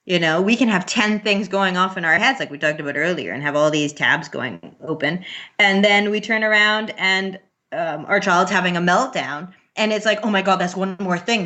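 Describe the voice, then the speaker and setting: A woman's voice: medium pitch, bright, forceful tone. A woman guest on a podcast, talking about parenting in a chatty, earnest way and laughing often. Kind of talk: casual interview talk.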